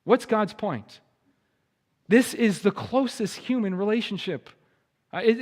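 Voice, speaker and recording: A male pastor preaching a sermon, shifting from quiet explanation to loud emphatic warnings and speaking at times to the children. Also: sits high, very animated, measured pace, in a large hall. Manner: addresses children in the congregation. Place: church sanctuary.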